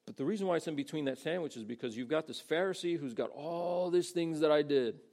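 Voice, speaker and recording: Male pastor, gravelly voice, easygoing sermon delivery with quoted voices. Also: fairly high pitch, fast, darkish tone. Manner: conversational, acts out quoted voices.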